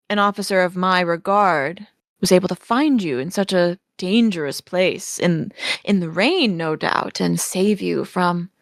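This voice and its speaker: A woman voicing a scheming male naval officer with a smooth, condescending manner. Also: mid-range voice, no room sound, studio quality, lightly acted. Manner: smooth, condescending, mock-polite.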